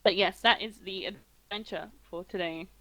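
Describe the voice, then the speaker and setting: A woman running a tabletop game, narrating the scene in a halting way with many pauses and restarts. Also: medium pitch, a bit bright, no room sound, dull audio. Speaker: game master.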